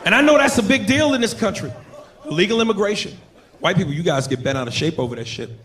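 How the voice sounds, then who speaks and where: A man doing a stand-up comedy set, telling stories in a loud, profane, animated way. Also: sits high, quick pace. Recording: live club recording, crowd and noise.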